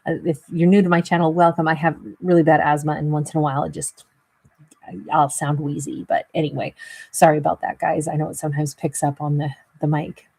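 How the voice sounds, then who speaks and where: A woman with a husky, breathy voice, pitched a little low, reads tarot cards to her viewers. She rambles loosely through the reading, padding it with fillers, and a wheeze runs under her breath. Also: little pitch movement, a little fast, darkish tone. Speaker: tarot reader.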